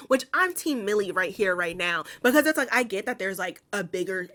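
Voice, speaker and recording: A woman's voice: medium pitch, fairly quick, few pauses. Female recap host, casual and profane, storytelling energy. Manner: profane, animated storytelling with acted-out quotes.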